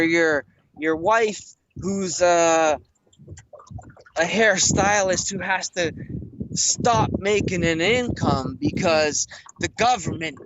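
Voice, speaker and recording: A man's voice: high voice, muffled recording, background noise. A man talking on a call from a small boat at night, ranting emphatically and repeating his words, asking "okay?" and "right?" as he goes. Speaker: guest on a live call-in show. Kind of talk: ranting casual chat.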